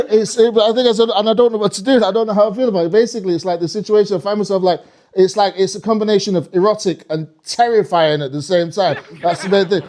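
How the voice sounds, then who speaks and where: A man from the UK performing a live stand-up comedy set, animated and swearing, with a stage mic in a comedy club. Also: high-pitched, fast talker. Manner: animated, swearing, slips into mock French voices.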